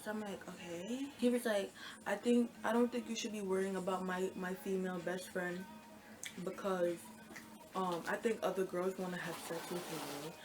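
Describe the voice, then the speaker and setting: A young woman casually telling a personal storytime, acting out the quoted lines with lively, animated retelling. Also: lowish voice, moderate pace, over music. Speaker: storytime vlogger.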